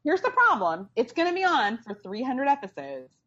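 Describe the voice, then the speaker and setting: A woman co-hosting a casual pop-culture podcast, talking in a sarcastic, animated way. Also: high voice, normal speed. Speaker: podcast co-host. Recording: dull lo-fi sound.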